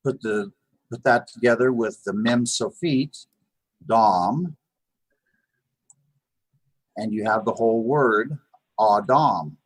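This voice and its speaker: A man's voice: mid-range voice, steady tone, moderate pace, no echo. A man teaching a beginners' Hebrew lesson, patiently repeating words and sounding them out, with many fillers and restarts. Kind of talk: live online lesson. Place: Chabad house.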